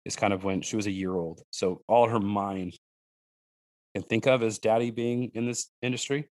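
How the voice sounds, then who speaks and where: A man chatting as a podcast guest, telling animated stories with restarts and fillers and acting out his children's lines. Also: normal speed, no room sound. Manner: animated storyteller who acts out his daughters' lines in a higher voice. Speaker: guest, wild game cook and hunter. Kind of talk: casual podcast conversation.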